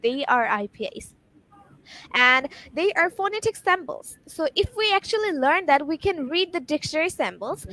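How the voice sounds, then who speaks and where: Appearing as a guest on a live online show over a video call, a high-pitched woman explains English pronunciation in a lively, emphatic way. The recording is dry and the audio poor.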